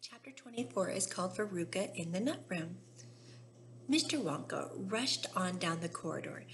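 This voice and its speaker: A woman's voice: lowish voice, animated, moderate pace, a bit bright, slight background noise. A woman teacher reading a storybook aloud to children, addressing them directly.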